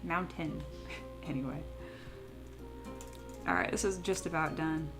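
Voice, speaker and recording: A young woman from California talks in a slightly low voice, chatty and rambling as she works through a livestream. She laughs easily, and faint music plays behind her. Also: measured pace, creaky. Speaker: 3D sculptor streaming her work. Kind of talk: casual livestream chat while working.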